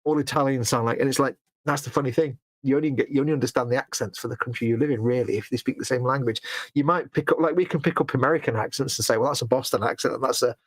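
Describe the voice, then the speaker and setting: A man's voice: medium pitch, steady tone, very fast, no echo. A man with an English accent co-hosting a casual live stream and telling stories with acted-out quotes. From Britain. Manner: chatty storyteller, acts out quotes. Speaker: co-host.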